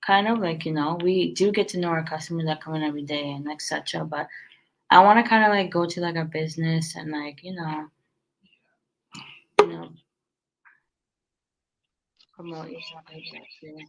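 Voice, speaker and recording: A woman's voice: low-pitched, steady tone, moderate pace, long pauses, rough recording. A tired woman chatting casually about running her restaurant, rambling with many fillers and restarts. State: tired, yawning. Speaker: restaurant owner giving business tips. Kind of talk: casual chat.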